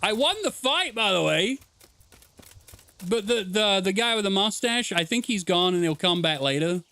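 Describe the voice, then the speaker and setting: A man's voice: sits high, normal speed, pushed and bright, smooth. A young man streaming a game, chatting casually and swearing, laughing at the chaos. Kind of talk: casual gameplay commentary.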